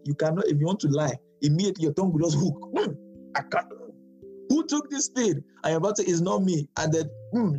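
Man, Bible teacher, mellow voice, conversational, repeats phrases for emphasis, faint music behind. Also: fairly high pitch. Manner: conversational, repeats key phrases for emphasis, asks the audience questions.

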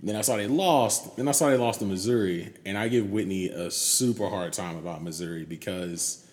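A man's voice: lowish voice, a little fast, darkish tone. A man co-hosting a podcast in casual chat, playful and joking, sometimes sliding into a sultry croon. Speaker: podcast co-host. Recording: long reverb with faint noise.

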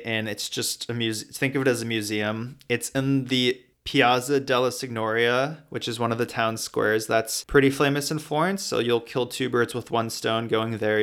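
A man talks through a travel vlog in a relaxed, chatty way, his voice smooth and resonant. He sits at a middle pitch for a man and now and then slows down to spell out a name. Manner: chatty and relaxed, spells out place names letter by letter. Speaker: travel vlogger. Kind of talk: casual travel vlog narration.

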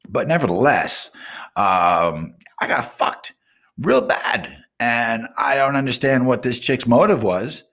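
A man's voice: mid-range voice, slow pace, creaky. A middle-aged man who hosts a radio show, telling a story in a brash, profane, ranting monologue. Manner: brash, swearing, animated rants.

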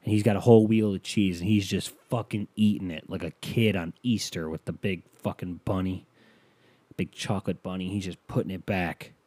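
A man's voice: deep voice, fairly even intonation, moderate pace, warm tone, dry recording. A male comedian doing crude comedic riffing in a rambling, profane way.

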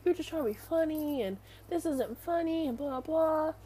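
Angry teenage boy, as a woman puts him on, high strained voice, yelling, defensive ranting. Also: normal speed, slight background noise, close to an everyday voice. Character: panicking, furious teenage boy in class.

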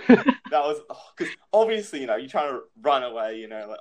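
A man's voice: medium pitch, lively intonation, fast, crowd noise. A young man in casual chat, telling a childhood story, laughing often and swearing freely.

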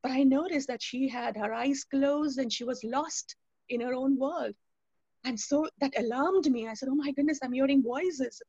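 A woman's voice: high-pitched, moderate pace, darkish tone, breathy edge, dry recording, highs cut off. Woman telling a vivid faith testimony. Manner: storytelling, acting out quoted dialogue. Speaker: speaker giving a personal testimony. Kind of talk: spoken testimony to a youth webinar.

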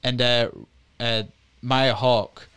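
Bright, crisp-voiced man retelling a film. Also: mid-range voice, very slow. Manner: animated storyteller, retells scenes with fillers and laughs. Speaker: podcast co-host. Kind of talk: casual film review chat. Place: studio.

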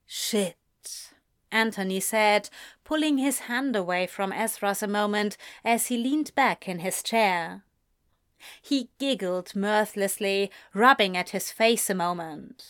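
A woman narrating a story in a steady, measured way. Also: mid-range voice, clear, resonant tone, no room sound, studio quality. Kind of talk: storybook reading.

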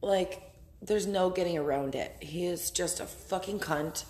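A woman's voice: fairly low pitch, measured pace, a little mellow. A young woman, hosting a casual podcast while hungover, in a rambling, profane, blunt way from her house. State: hungover, low energy. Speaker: podcast host.

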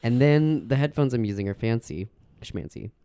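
A man's voice: medium pitch, expressive, normal speed, warm tone, clean tone, no echo. A man co-hosting a casual podcast, playful and jokey, with plenty of silly asides. He talks into a USB microphone in a room at home, and the sound is dry and close. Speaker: podcast co-host, writer. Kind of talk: casual chat. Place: room at parents' house at night.

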